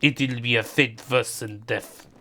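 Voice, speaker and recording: A man doing a pompous, menacing Russian leader, with slow, drawn-out threats delivered in mock gravity. The voice sits at an ordinary middle pitch for a man, and the is broad and deliberate rather than refined. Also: fairly even intonation, pushed and bright. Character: pompous Russian head of state, male, middle-aged, menacing.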